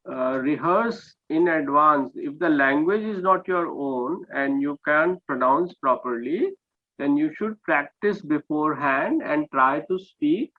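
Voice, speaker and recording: A man with an Indian English accent, teaching an online class and patiently correcting students' speech, often checking with "okay?". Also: a little high. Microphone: video call. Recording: dull lo-fi video call audio.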